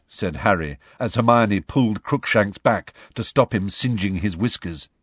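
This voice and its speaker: A man narrating a children's fantasy audiobook in a measured, expressive way. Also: on the low side, slightly rough, no room sound, studio quality. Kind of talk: storybook narration.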